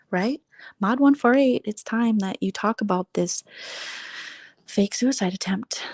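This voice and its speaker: A woman hosting a late-night livestream in a blunt, sarcastic rant, swearing freely and sliding into hushed whispered asides. Her voice sits at an ordinary mid pitch. The sound is dry and close, with little room around it. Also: no echo. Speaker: livestream host.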